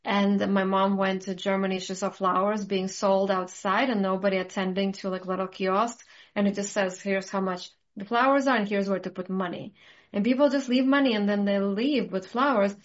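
A woman's voice: mid-range voice, fairly even intonation, normal speed. A woman hosting a casual talk, ranting passionately with strong conviction. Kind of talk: casual conversation. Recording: muffled lo-fi audio.

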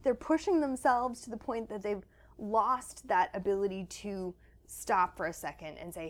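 A woman author being interviewed at her home, explaining research with lively asides. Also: mid-range voice, moderate pace. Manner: animated, acts out quoted children's voices. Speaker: author and guest. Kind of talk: conversational interview.

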